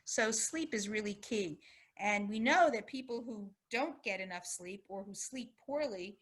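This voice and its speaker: Bright-voiced woman giving a health lecture. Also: mid-range voice, animated, measured pace. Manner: conversational, explanatory, with anecdotes. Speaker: physician giving a health talk.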